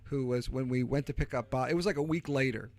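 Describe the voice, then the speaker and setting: A middle-aged man with a Delaware County Philadelphia accent talks fast in a mid-range, somewhat dark voice. He's a podcast co-host in casual chat, spinning rambling stories packed with fillers and restarts.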